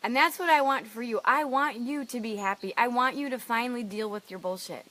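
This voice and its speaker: Emphatic woman coach, kinda high voice, swears a lot, gets emotional telling her story. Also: a little fast, sharp tone. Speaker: life coach. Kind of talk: personal story and coaching talk to camera.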